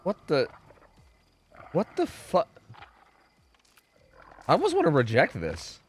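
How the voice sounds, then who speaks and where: A young man streaming a game, chatting casually with viewers, rambling and swearing as he reacts loudly to chat. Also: on the high side, huge pitch swings, slow pace, husky.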